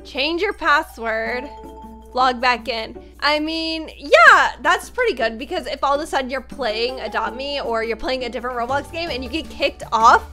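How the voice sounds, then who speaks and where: Bright, high-voiced gushing woman host. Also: animated, moderate pace, faint music behind. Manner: gushing, gasps a lot. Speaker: gaming video host. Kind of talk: excited reaction commentary.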